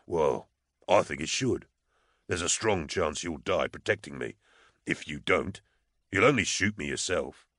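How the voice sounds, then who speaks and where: A man voicing a calm condemned male prisoner who speaks in a placid, reasoned, quietly detached way. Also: low voice, measured pace, dry recording, studio quality, full character voice.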